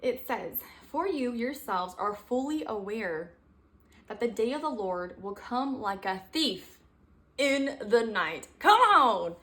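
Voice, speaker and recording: Excited young woman reading Bible verses. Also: fairly high pitch. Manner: excited and exclamatory, often says y'all and come on; reads scripture slowly with emphasis. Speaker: Christian video testimony speaker. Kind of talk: casual faith testimony, reading Bible verses.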